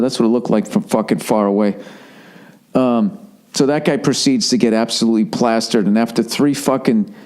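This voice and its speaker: A man's voice: medium pitch, a little mellow. Man telling a profane, rambling story. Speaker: podcast host. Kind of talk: casual podcast monologue.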